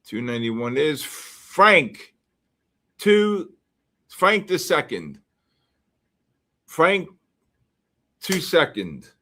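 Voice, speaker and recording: Slow-calling man with a lively voice. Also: on the high side. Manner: slow, drawn-out number calling with asides. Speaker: livestream host calling giveaway winners. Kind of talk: casual live-stream announcing.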